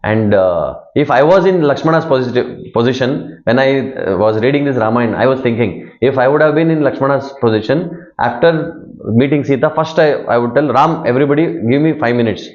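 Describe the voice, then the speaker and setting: A man's voice: medium pitch, lively intonation, normal speed, a little mellow. Indian male spiritual teacher, storytelling lecture, roomy dull recording, acts out the dialogue. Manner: acts out characters' lines, asks audience to repeat. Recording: dull echoey hall recording.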